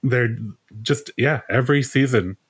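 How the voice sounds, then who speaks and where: A man's voice: mid-range voice, a little slow, husky. A young man co-hosting a podcast, chatting casually in an easygoing, agreeable way. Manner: easygoing, agreeable, lots of "yeah". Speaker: podcast co-host. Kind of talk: casual chat.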